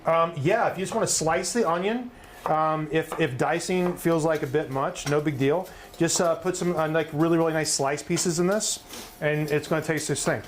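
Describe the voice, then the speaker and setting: A man's voice: a little high, moderate pace, a little hiss or hum. A middle-aged man, host of a live cook-along, talking through his recipe in an upbeat, chatty way and often asking "right?". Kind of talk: live cooking demonstration.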